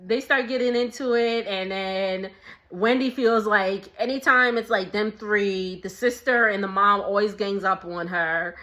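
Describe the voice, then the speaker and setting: A woman's voice: medium pitch, a little slow, pushed and bright, lo-fi sound. A young woman hosting a reality TV recap. She talks casually and animatedly, often mimicking the people she describes.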